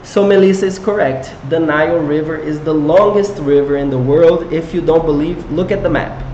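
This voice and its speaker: A man's voice: fairly high pitch, normal speed, mellow, reverberant, highs cut off, slight background noise. A man teaching an English grammar lesson to viewers, encouraging them and quizzing them with questions. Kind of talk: live online English lesson.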